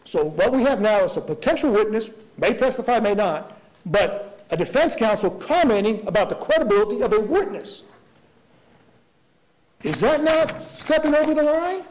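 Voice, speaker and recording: Man, high voice, prosecutor, courtroom argument, earnest, rhetorical. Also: very animated, normal speed, darkish tone, rough recording. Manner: earnest, rhetorical questions, frequent restarts.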